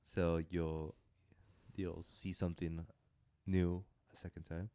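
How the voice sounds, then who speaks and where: A man's voice: low-pitched, little pitch movement, slow pace, warm tone, dry recording. A man co-hosting a casual movie review podcast, teasing his friend and often trailing off mid-sentence. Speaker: podcast co-host.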